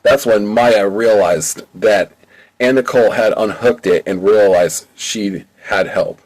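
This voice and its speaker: A man's voice: lowish voice, slow pace, darkish tone, poor audio. A man narrating his own amateur audiobook in a plain, casual storytelling way. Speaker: audiobook reader. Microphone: home mic.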